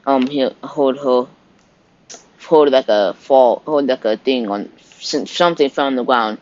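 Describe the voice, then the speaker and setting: A man's voice: medium pitch, unhurried, a little mellow. A man narrating an improvised fan story in a loose, rambling way. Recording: dull lo-fi recording.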